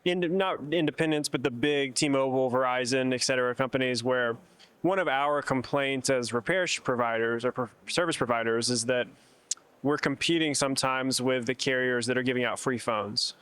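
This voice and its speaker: Smooth-voiced male interviewer. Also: medium pitch, steady tone, moderate pace, fairly bright tone, dry recording. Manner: thoughtful, asks long winding questions with restarts. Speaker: podcast host, interviewer. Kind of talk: conversational interview. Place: expo hall.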